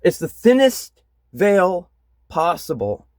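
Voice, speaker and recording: Slow-talking, angry man ranting. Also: high voice, wildly swooping pitch, darkish tone, no echo. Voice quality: blunt, frequent swearing, bitter. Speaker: vlogger. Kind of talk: angry political rant.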